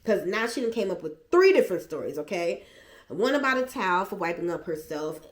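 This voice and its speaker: A woman's voice: lowish voice, big pitch swings, brisk. A woman vlogger at home, animatedly and emotionally retelling a personal story. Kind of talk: storytime vlog. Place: at home, seated. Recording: echoey room.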